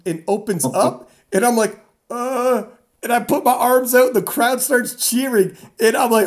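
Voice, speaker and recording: A woman strongman athlete from North America, telling a story in a casual interview, animated and rambling with fillers. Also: a little high, a little slow.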